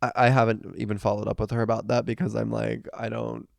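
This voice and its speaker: A man co-hosting a podcast, chatting casually and telling gossipy stories with lively impressions of friends. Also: on the low side, fast, vocal fry, dry recording. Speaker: podcast co-host. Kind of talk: casual chat.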